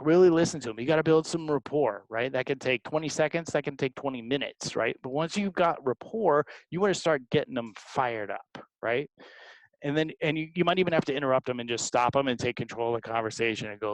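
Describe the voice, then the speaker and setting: A man talking as a sales guest, animated, often tagging his points with "right?" and acting out callers' lines. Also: mid-range voice, a little fast, no room sound, low-quality recording. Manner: animated, tag questions, acts out callers. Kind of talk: energetic interview talk.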